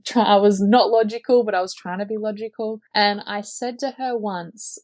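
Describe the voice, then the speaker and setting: A woman's voice: medium pitch, steady tone, normal speed, a little mellow, no room sound. A young woman telling her own birth story in an earnest, chatty way, full of "like" fillers. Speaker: podcast guest sharing her birth story. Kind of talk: casual personal storytelling.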